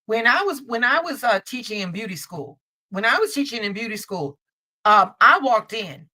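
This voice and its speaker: A woman's voice: a little high, animated, normal speed, pushed and bright. A woman hosting a live tarot stream, talking bluntly and emphatically, with frequent swearing and repeated phrases. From Chicago. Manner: blunt, profane, emphatic storytelling. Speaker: host, tarot reader. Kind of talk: casual live-stream chat.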